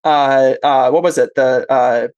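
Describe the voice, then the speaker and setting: A man's voice: medium pitch, steady tone, a little slow, darkish tone, dull audio. A man running a tabletop role-playing game as game master, casual and easygoing, laughing often.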